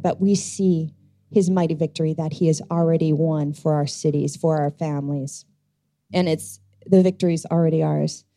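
A woman's voice: fairly low pitch, creaky, mellow, no echo, studio quality. A woman preaching a sermon as a pastor, telling a scripture story and reading verses in an earnest way.

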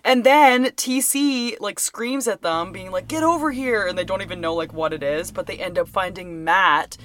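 A woman in casual chat, excitedly recapping a horror game with a friend, full of fillers and groans. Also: lowish voice, normal speed.

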